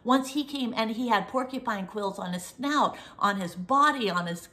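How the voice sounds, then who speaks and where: A middle-aged woman hosting a casual chat, telling a childhood story in a rambling, animated way and dropping to a whisper for the suspenseful parts. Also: a little high, moderate pace. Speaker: host.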